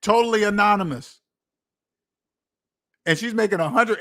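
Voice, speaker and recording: A man's voice: high voice, moderate pace, long pauses, pushed and bright. A man hosting a finance channel, ranting casually, incredulous and repeating lines for emphasis. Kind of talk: casual livestream rant.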